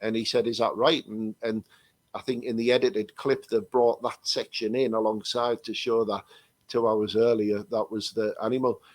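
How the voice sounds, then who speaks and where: Over a video call, a man from England who works as a psychic medium tells rambling stories full of restarts in a casual chat. His voice is fairly low and flat, at a moderate pace, with no echo.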